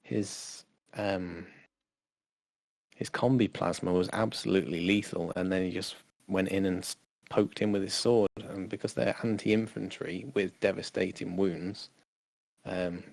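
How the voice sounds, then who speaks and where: A man with a lowish, gravelly voice chats casually as a podcast co-host. He rambles with fillers and restarts. The recording is dry and close, with no room sound. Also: level tone, unhurried, a little mellow, dry recording. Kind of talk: casual chat.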